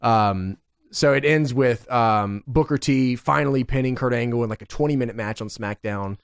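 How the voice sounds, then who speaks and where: A man co-hosting a podcast in casual chat, retelling a show with excitement, laughing often and swearing freely. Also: medium pitch, normal speed, gravelly, clear, resonant tone, dry recording, clean studio sound. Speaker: podcast co-host.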